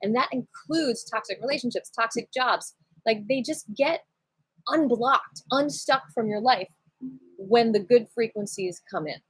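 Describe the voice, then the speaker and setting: Breathy, high-voiced playful qigong teacher. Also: female voice, a little slow, no echo, rough recording. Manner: playful, giddy, breaks into sing-song cat voices. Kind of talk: casual livestream class guidance.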